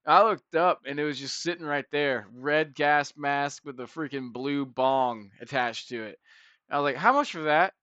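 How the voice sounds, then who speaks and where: A man's voice: medium pitch, fairly even intonation, moderate pace, a bit bright, no room sound, lo-fi sound. A man co-hosting a podcast, telling rambling stories in a casual chat, laughing and swearing freely. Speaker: podcast co-host.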